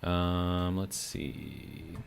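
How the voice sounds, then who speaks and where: A man's voice: low-pitched, steady tone, drawn-out words, vocal fry, slight background noise. A man streaming a building game, chatting casually, reading viewer comments aloud and musing as he plays. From Georgia, USA.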